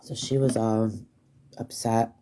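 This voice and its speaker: A woman's voice: extremely low pitch, level tone, slow, warm tone, a little hiss or hum. A woman chatting casually on a livestream, rambling, swearing freely and using many fillers.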